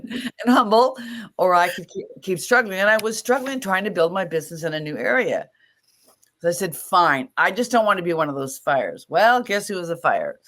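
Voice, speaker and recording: A woman's voice: lowish voice, a bit bright. A middle-aged woman, an image stylist, telling her story in a casual interview, laughing often and acting out the voices of people she quotes.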